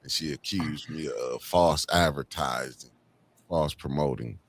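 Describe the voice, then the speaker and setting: A deep-voiced man hosts a casual livestream chat. He talks in loose slang and greets his viewers one by one by name. His tone stays low and easygoing. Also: unhurried. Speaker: livestream host.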